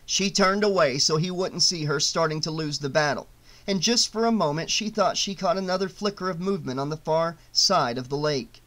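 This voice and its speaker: A man narrating an audiobook with a steady, expressive reading. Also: a little high, moderate pace.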